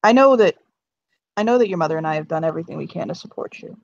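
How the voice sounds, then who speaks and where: A man's voice: on the high side, lively intonation, gravelly. An earnest middle-aged dad, voiced by a woman, stumbling over his words as he tries to open up to his son. He restarts his sentences again and again, tender and a little awkward. The recording sounds slightly muffled and lo-fi. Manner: halting, stammering, heartfelt.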